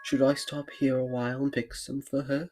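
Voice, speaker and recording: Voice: mid-range voice, level tone, moderate pace, music in the background, pitched above the performer's own voice, lightly acted. Little Red Riding Hood, put on by a gamer. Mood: polite. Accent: mock English.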